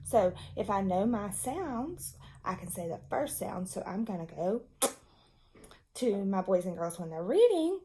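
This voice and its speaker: A woman's voice: mid-range voice, sing-song, warm tone, a little hiss or hum. A woman teacher patiently explaining reading strategies to young children and their parents. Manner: slow, patient, demonstrative explanation.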